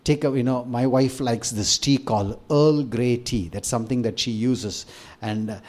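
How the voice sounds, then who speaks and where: A man's voice: medium pitch, darkish tone. A middle-aged man with a Tamil accent preaching a sermon in a conversational way, with frequent fillers and restarts. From Tamil-speaking South India. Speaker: pastor.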